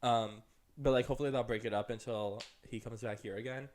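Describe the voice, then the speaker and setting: Speaking briskly with a steady tone, this young podcast co-host spins a lengthy story in loose, chatty fashion, filling it with "um" and "like." Quoted voices and laughs send his voice leaping upward.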